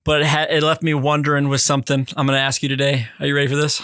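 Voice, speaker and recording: A young man, a podcast co-host, telling a story in casual chat, animated, swearing and laughing. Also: a little high, rapid-fire, smooth, no echo, studio quality.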